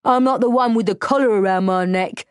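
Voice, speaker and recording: A woman playing a crude male slaver, growling, sneering, storybook villain, dry close sound, middling pitch. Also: fairly quick, smooth, dry recording, close to an everyday voice. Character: sly brutish male Celtic slaver, crude.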